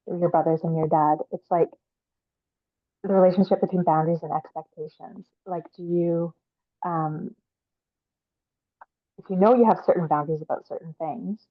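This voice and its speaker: A woman in a workshop asking a question on a video call, pausing often with "um". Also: on the low side, dry recording, highs cut off. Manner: hesitant, many "um" pauses. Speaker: workshop participant.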